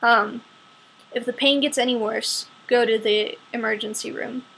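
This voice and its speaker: Calm patient female doctor, as a young woman quotes her, bright and slightly gravelly. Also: a little high, a little slow, slight background noise, poor audio. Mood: matter-of-fact. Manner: explaining, patient, hedging.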